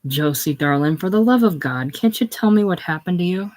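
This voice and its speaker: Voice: mid-range voice, animated, fairly quick, lightly acted. A reader voicing an anxious, scheming old farmer father in a casual play reading, uneasy and pleading. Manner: uneasy and pleading, then loudly angry.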